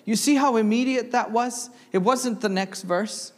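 A man's voice: extremely high pitch, measured pace, long reverb tail. A young man preaching a sermon in church, reading scripture aloud and asking the congregation questions. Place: church sanctuary.

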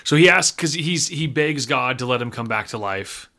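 Bright-voiced young man recapping a story. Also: medium pitch, animated, normal speed. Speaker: comic book discussion co-host. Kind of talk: casual chat.

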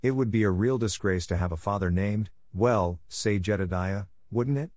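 A man's voice: fairly low pitch, normal speed, a little mellow, no echo, natural voice. Man reading imaginative orphan girl, eager, gushing, storybook audiobook, dry close sound. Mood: eager dreamy. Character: chatty imaginative eleven-year-old orphan girl.

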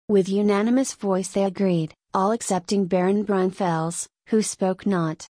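A woman reading a story aloud as an audiobook narrator, in an even, measured way into a close mic. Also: mid-range voice, dry recording. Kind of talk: scripted narration.

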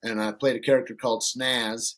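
On a podcast, a middle-aged Northern Michigan man loosely spins casual stories, cursing and doing the voices of the people he quotes. His mid-range voice is a bit bright, and his delivery is flat and brisk.

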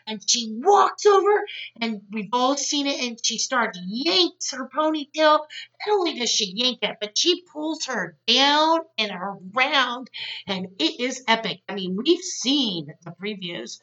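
A woman hosting a podcast, recapping a reality show in a gossipy, excitable way and retelling scenes with quoted voices. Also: a little high, a little slow. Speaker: podcast host. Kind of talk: casual recap commentary. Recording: dull lo-fi sound, mic at a distance.

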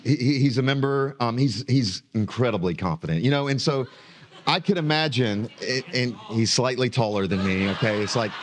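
A man in his thirties giving a sermon as pastor from a church stage, preaching dramatically with drawn-out pauses and falling emphasis. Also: mid-range voice.

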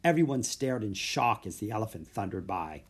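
A man narrating a children's audiobook in a steady, plain storytelling voice. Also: fairly low pitch, moderate pace, breathy edge.

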